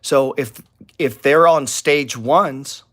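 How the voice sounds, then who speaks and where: A man's voice: mid-range voice, slow pace. Middle-aged man, trading channel host; blunt, profane, loose and rambling. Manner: blunt, profane, rambling, gets heated and louder. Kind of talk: casual trading talk to viewers.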